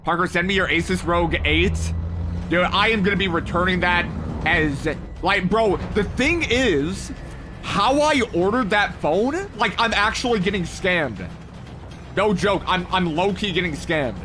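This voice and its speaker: A man's voice: sits high, animated, measured pace, noisy background. A young man livestreaming a mobile game, reading his chat aloud with hyped, playful, slangy banter. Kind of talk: live gaming stream, reading chat.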